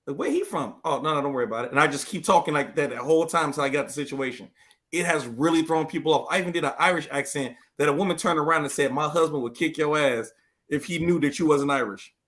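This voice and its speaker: A man's voice: a little high, fast talker, a bit bright. A man on a casual panel discussion who tells stories emphatically and keeps saying "literally". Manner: storytelling, emphatic, repeats "literally".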